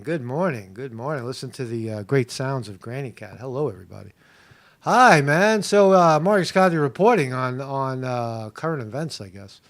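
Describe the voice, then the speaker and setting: Male livestream host, higher-pitched, casual, rambling with lots of fillers, greets chat by name. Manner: rambling, loose, with many fillers and restarts.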